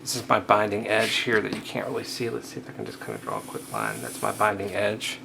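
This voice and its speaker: Very animated and fast-talking, this man has a lowish voice with vocal fry as he hosts a step-by-step crafting tutorial. He chats casually, thinks aloud and checks in with the viewer while working, peppering in "okays" and restarts. The recording has audible background noise.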